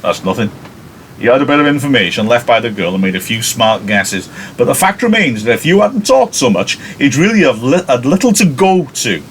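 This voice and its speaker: A man reading the part of a blustering, pompous middle-aged businessman father, indignant and quick to blame others. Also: medium pitch, big pitch swings, a little hiss or hum, lightly acted. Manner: bluff, indignant, blaming.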